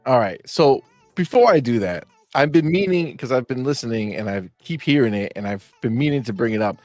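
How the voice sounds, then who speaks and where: A man's voice: mid-range voice, expressive, a little fast, darkish tone, no room sound, faint music behind. A man as a podcast guest, talking earnestly and with enthusiasm. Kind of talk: casual chat.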